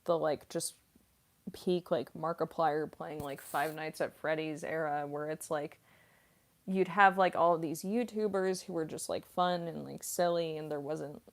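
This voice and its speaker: A woman in her mid-twenties chatting casually on a livestream, soft-spoken and rambling, with lots of fillers and little giggles. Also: low voice, fairly even intonation, measured pace. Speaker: voice actress streamer. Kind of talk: casual livestream chat reading comments.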